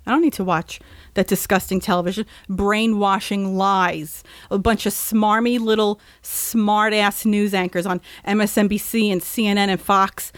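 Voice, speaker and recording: A woman's voice: a little high, dry recording, clean studio sound. A woman hosting a podcast, ranting in an agitated, sarcastic and profane way before chatting with a caller. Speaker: podcast host. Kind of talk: ranting monologue, call-in chat.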